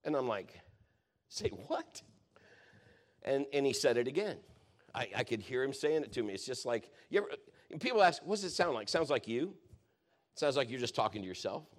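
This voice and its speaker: A man's voice: mid-range voice, expressive, brisk. A man preaching, telling a personal story in a rambling, conversational way, often correcting himself. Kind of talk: sermon testimony storytelling.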